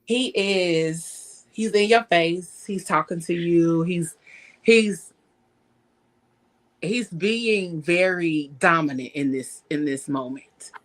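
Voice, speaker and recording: A woman's voice: on the low side, slow pace. A woman hosting a casual podcast, teasing and slangy, laughing often as she sets up a scene for her guests. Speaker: podcast host.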